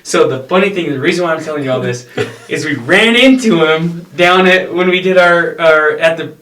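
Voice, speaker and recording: A man's voice: fairly high pitch, moderate pace. Rambling man telling stories in a roomy space. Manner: rambling, animated, laughs while telling stories. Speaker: podcast guest. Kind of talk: casual storytelling. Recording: roomy echo, a bit far from mic.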